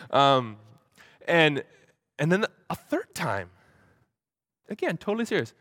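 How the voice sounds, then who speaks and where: A man's voice: fairly high pitch, very animated, a bit bright, no room sound, clean studio sound. A young man tells a story to a church audience, stumbling over repeated words and acting out the voices of the people he quotes. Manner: halting, many repeated words; acts out quoted voices animatedly. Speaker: speaker at a church gathering. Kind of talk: storytelling talk.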